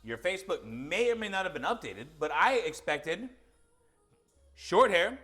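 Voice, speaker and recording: A man co-hosting a podcast, telling a long anecdote in a casual, animated way and acting out the quotes. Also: high voice, measured pace, faint music behind. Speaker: podcast co-host. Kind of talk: casual storytelling.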